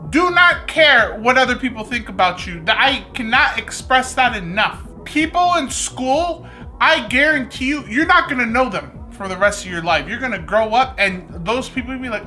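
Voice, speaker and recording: A woman's voice: a little high, expressive, moderate pace, sharp tone, faint music behind. A woman hosting a reaction video in casual, joking commentary, sarcastic and lecturing by turns.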